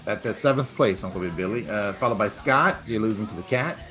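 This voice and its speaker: A man hosting a casual sports podcast, reading standings quickly with teasing asides and fillers. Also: fairly low pitch, sharp tone, faint music behind. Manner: reads standings fast, teasing, filler-heavy. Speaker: podcast host.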